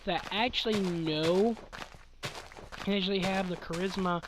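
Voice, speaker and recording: A man's voice: sits high, steady tone, a little slow, noisy background. A man in his twenties chatting casually late at night, sleepy and yawning, rambling with chuckles and trailing thoughts. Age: 20s. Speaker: gaming channel host answering questions.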